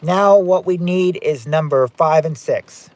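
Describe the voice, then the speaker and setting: A man's voice: a little high, measured pace, no echo. Chatty man hosting a stream game night. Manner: chatty, reading out and ruling on viewer guesses. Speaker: game show host.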